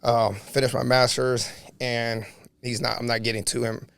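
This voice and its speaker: A man's voice: medium pitch, little pitch movement, normal speed, vocal fry, fairly bright tone, clean tone, no room sound. A man guest on a podcast, telling a personal story earnestly, with lots of "like" and "you know".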